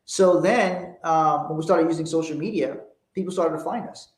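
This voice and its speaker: A middle-aged man hosting a casual motivational talk, rambling with frequent restarts and growing animated when he tells stories. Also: on the high side, normal speed, echoey room. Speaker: podcast host.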